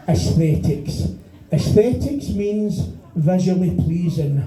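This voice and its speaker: A man's voice: high-pitched, unhurried, mellow. A middle-aged Scottish man doing a stand-up set, ranting with profanity and exasperated rhetorical questions. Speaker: stand-up comedian. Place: small bar venue stage. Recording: echoey bar room.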